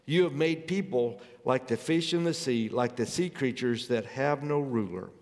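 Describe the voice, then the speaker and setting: A man's voice: mid-range voice, moderate pace, a little mellow. A man preaching a sermon, reading scripture aloud and urging his listeners with earnest, rising emphasis. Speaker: pastor. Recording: long hall reverb.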